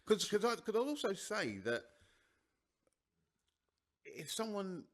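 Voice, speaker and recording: Man gently pushing back in a podcast chat. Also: sits high, big pitch swings, takes it slowly. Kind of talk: casual podcast discussion.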